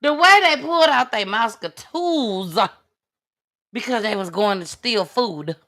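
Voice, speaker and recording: Outspoken woman host, bright and unhurried. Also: a little high, animated. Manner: outspoken, blunt and exasperated. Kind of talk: casual commentary on a live show.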